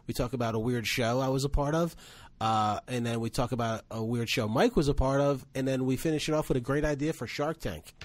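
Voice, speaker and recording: A man's voice: mid-range voice, brisk, no room sound. A man co-hosting a podcast in casual chat, joking and teasing his partner. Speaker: podcast co-host.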